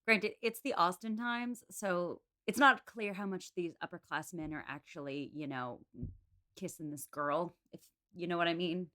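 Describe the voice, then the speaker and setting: Bright, jokey woman podcast co-host. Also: lowish voice. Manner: animated, jokey, mimics characters in quick asides. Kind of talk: casual book discussion. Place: apartment room in a city.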